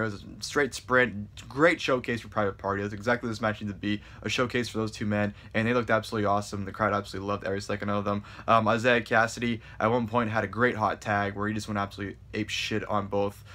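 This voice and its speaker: A man giving a casual spoken review, excitable and rambling, stumbling over his words and swearing freely. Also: lowish voice, fast, hardly any pauses. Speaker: wrestling show reviewer.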